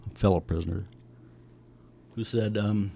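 An older man in his seventies with a low, gravelly voice tells a family story in conversation. His tone is dark and mellow, and he brings quoted people to life with animated voices. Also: measured pace, lo-fi sound. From United States.

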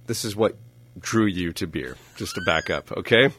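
A man's voice: sits low, lively intonation, moderate pace, sharp tone, dry recording. A man hosting a radio show, joking and laughing often as he chats casually with a guest in the studio. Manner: playful, jokey, laughs often. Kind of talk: casual radio interview chat.

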